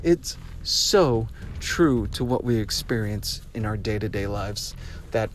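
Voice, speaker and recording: A man hosting a solo podcast, ranting in an animated, joking way. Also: on the low side, takes it slowly, slight background noise. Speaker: podcast host. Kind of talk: casual solo podcast rant. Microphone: podcast microphone.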